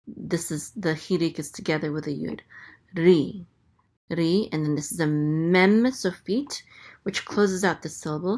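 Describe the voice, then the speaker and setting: A woman's voice: deep voice, darkish tone. A woman teaching a language lesson, going through letters and vowels and patiently repeating each syllable. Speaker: Hebrew teacher. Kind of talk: slow, careful letter-by-letter lesson.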